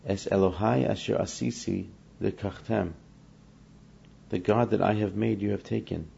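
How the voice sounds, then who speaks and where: A man's voice: lowish voice, steady tone, moderate pace, vocal fry, warm tone, highs cut off, slight background noise. A man teaching a scripture lesson, reading Hebrew verses and explaining each one in English while acting out the speakers in the text. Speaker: Torah teacher.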